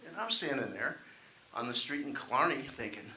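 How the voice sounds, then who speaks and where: A man's voice: mid-range voice, sing-song, normal speed, bright, forceful tone. Wry man doing stand-up. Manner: wry, self-deprecating storytelling. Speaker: stand-up comedian. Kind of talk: stand-up set at open mic. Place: open mic club. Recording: echoey room, faint hiss.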